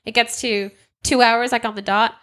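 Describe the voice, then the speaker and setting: Woman, bright and forceful tone, lively storyteller with a casual mouth. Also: on the high side, moderate pace. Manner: animated, swears casually, acts out quotes.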